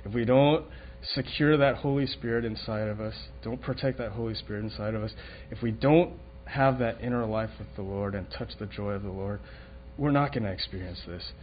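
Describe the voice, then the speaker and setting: A man's voice: lowish voice, brisk. A man preaching a sermon in a conversational way, asking the room questions and often restarting his sentences. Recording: dull lo-fi recording, faint room noise.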